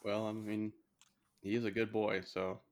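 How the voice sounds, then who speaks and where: A man's voice: on the low side, little pitch movement, a little slow. A man in casual podcast chat, laid-back and joking, swearing now and then. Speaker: podcast co-host. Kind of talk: casual movie review chat.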